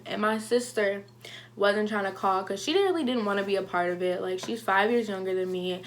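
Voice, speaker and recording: A young woman vlogging a casual storytime, animated and full of "like", acting out what people said. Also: mid-range voice, a little fast, a little hiss or hum. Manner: animated, heavy use of "like", acts out quotes.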